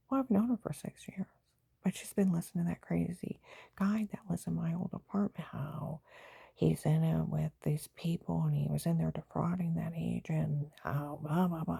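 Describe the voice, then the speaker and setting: A woman's voice: lowish voice, vocal fry, warm tone, husky, no echo. A woman vlogger telling a long, rambling personal story in an aggrieved tone, with angry bursts.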